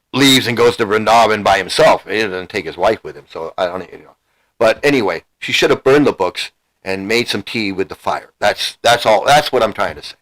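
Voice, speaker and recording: A man's voice: fairly low pitch, a bit bright, rough recording. A man in his sixties telling a story in a rambling, casual way, full of restarts and repeated words, with the odd swear. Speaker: vlogger recounting his past.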